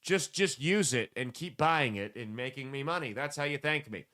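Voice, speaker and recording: A man hosting a casual comedy podcast, joking loosely and throwing in sudden loud bursts. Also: mid-range voice, animated, normal speed. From United States. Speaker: podcast host.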